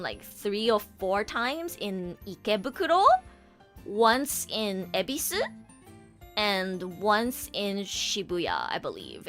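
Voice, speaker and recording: A young woman hosting a podcast in a casual, chatty way, with frequent laughs and lots of "like" fillers. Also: mid-range voice. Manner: chatty and animated, laughs often, many "like" fillers. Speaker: podcast host. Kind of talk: casual chat.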